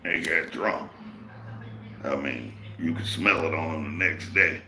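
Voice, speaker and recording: A man's voice: rumbling low, steady tone, unhurried, sharp tone, slight background noise. A man hosting a livestream, telling a rambling, profane work story in casual talk. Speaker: livestream host.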